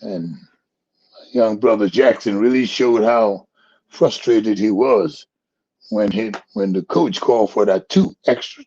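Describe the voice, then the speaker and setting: A man's voice: fairly low pitch, animated, measured pace, creaky, darkish tone, breathy edge, dull audio. A man hosting a talk show, telling a rambling joke in casual chat and chuckling at his own punchlines. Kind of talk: casual storytelling commentary.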